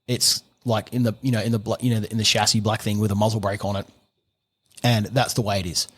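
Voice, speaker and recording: A man's voice: fairly low pitch, brisk, slightly rough. A middle-aged man with an Australian accent, a gunsmith guest on a podcast, explaining at length in casual chat and acting out little bits of dialogue. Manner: rambling, animated explaining with acted-out dialogue.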